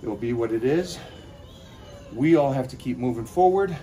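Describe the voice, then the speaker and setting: A man mid-cardio, short of breath, talking straight to his fans in a pumped-up pep talk. His pitch sits in a middling register, and he grabs a breath after every sentence or so. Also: expressive, normal speed, dark tone, faint music behind. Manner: pep-talk, addresses viewers directly. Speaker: fitness vlogger. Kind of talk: motivational vlog talk.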